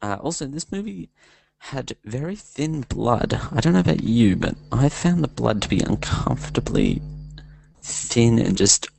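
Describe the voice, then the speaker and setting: Gravelly rambling male podcast reviewer. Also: medium pitch, huge pitch swings, measured pace, a little mellow, low-quality recording. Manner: rambling, hesitant, self-amused, lots of fillers. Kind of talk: casual rambling review segment.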